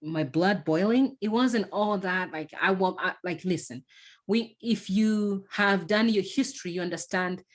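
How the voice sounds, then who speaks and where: A woman hosting a podcast, talking in a casual, halting way with many fillers and restarts. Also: mid-range voice. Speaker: podcast host. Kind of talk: casual conversation.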